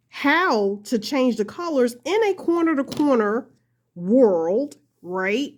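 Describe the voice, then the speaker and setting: A woman's voice: fairly high pitch, very animated, a little slow. A woman hosting a casual crochet tutorial, chatty and self-deprecating, often laughing and talking straight to her viewers. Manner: addresses viewers as y'all. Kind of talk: casual talk-through tutorial.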